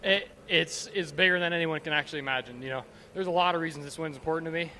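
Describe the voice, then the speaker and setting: A young male race driver speaks in a quick, bright, high voice, tripping over his words. He sounds emotional and short of breath, interviewed outdoors by the track. Faint noise sits behind him. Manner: rushed, stumbling, repeating words.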